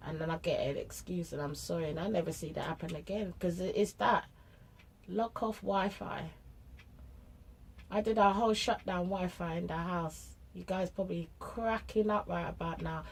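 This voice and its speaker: Speaking in a lowish voice on a poor-quality recording, a middle-aged parent vlogger with a British accent offers parenting advice in a casual monologue. She's blunt and chatty, leaning on street slang and playing out family exchanges.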